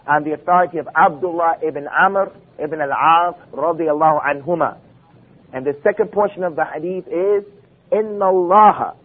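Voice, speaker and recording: A man giving an Islamic lecture, emphatic and full of rhetorical questions, quoting Arabic texts. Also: fairly high pitch. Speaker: preacher. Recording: phone-like lo-fi recording.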